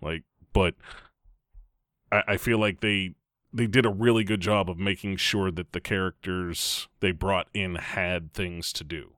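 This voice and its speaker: Deep-voiced male co-host, measured and musing, dry mic. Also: fairly even intonation, fairly bright tone, dry recording. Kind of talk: casual film discussion.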